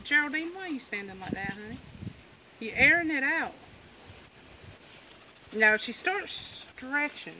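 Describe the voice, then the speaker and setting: A woman chatting casually in a farm vlog, laughing often and coaxing her animals. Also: a little high. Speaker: goat farmer vlogger. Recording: distant outdoor mic, background noise.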